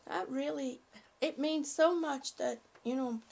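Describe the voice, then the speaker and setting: A woman's voice: sits high, unhurried, gravelly, a little mellow. A woman on a live stream reading out viewer comments and thanking them, emotional and laughing often, a little short of breath.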